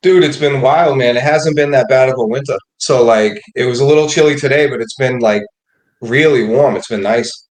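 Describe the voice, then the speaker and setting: A man's voice: medium pitch, moderate pace, rough recording. A man in his thirties from Boston with a Boston accent, an easygoing guest chatting on a podcast. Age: 30s. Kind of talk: casual interview chat.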